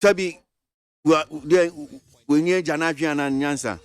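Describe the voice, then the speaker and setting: A Ghanaian man hosts a radio talk show and puts quick questions in Twi laced with English. His voice sits fairly high. The studio sound is dry and close. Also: steady tone, clear, resonant tone, no room sound. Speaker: radio host.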